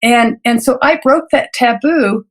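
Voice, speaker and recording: A woman physician telling her personal story in an interview, earnest and reflective, with halting restarts and light laughs between thoughts. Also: on the high side. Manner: halting restarts and repeated words. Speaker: physician guest.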